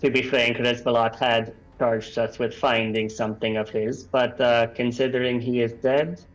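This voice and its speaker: A man's voice: mid-range voice, level tone, normal speed, poor audio. A man playing a tabletop role-playing game, speaking in character and out with frequent hesitations. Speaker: player.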